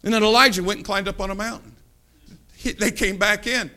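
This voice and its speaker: A man preaching a sermon, fervent, swinging from low asides to loud climaxes and acting out Bible characters as he tells the stories. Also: fairly quick. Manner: acts out Bible characters in the telling.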